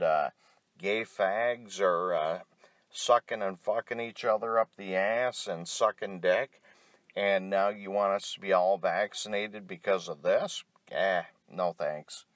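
A man's voice: on the low side, measured pace, no room sound. A middle-aged man delivering an angry, profane rant, blunt and tired. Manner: angry, blunt, heavy swearing.

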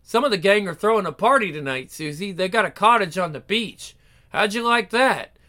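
A man voicing a smooth-talking, boastful young man who uses slang. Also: sits high, lively intonation, moderate pace, bright, forceful tone.

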